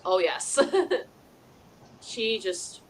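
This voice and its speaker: A woman's voice: medium pitch, big pitch swings, drawn-out words, slight background noise, low-quality recording. A woman hosting a live call-in psychic show, earnestly passing on messages from the dead in first person, with a chatty "you know" style. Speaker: psychic medium host.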